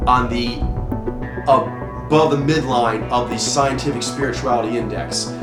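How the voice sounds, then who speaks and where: A man teaching a personality-type system in a casual, rambling way, often restarting and adding quick asides. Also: mid-range voice, reverberant, loud music behind the voice. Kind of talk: casual explanatory talk.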